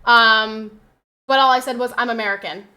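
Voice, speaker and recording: A woman streamer chats from her home setup, her voice pitched a little high and very bright. She rambles through stories with plenty of fillers and some swearing. Her tone stays sharp and forward throughout. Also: steady tone, moderate pace. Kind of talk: casual livestream chat.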